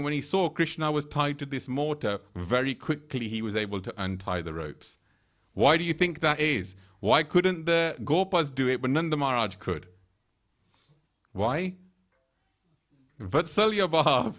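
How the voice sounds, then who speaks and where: A man's voice: on the high side, animated, normal speed, fairly bright tone. Chatty laughing male temple speaker. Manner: conversational, laughs often, acts out quoted voices. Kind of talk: sermon retelling scripture stories. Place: temple hall.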